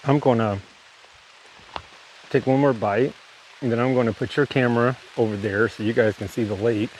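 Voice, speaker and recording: A man's voice: mid-range voice, moderate pace, a little hiss or hum. A man vlogging on a hike outdoors, chatting casually while he shows off his gear. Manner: relaxed, chatty, demonstrating gear. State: breathing hard. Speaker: hiking vlogger. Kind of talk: casual outdoor vlog narration. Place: outdoors by a lake in the woods.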